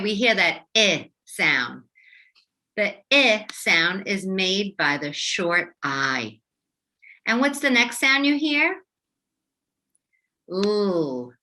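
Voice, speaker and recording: A woman teacher leading a young children's phonics lesson, speaking slowly and enunciating each sound clearly. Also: mid-range voice, sharp tone. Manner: slow, clearly enunciated, sing-song teacher voice.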